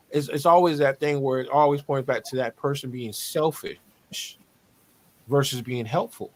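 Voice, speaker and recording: A man's voice: mid-range voice, normal speed, a little mellow. A man, talking on a video call as a podcast co-host, preachy and motivational, repeating his points. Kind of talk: casual panel talk over video call.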